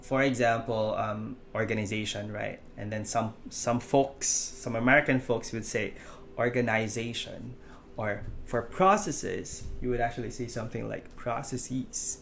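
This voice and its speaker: Filipino English-accented male instructor, gravelly, chatty tutorial delivery, faint noise underneath. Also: mid-range voice, normal speed, few pauses, fairly bright tone. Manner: chatty, many fillers and restarts. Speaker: online course instructor. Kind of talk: casual tutorial explanation.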